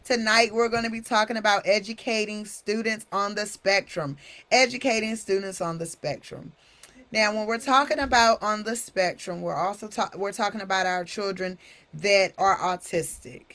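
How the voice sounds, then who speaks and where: A woman's voice: mid-range voice, moderate pace, a bit bright. A woman hosting a live stream talk, chatty and familiar, calling her viewers honey. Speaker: host.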